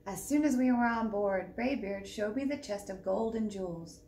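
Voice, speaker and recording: A woman librarian reading a picture book aloud for a children's storytime, with lively, expressive narration. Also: mid-range voice, normal speed. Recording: roomy echo, distant mic, faint background hum.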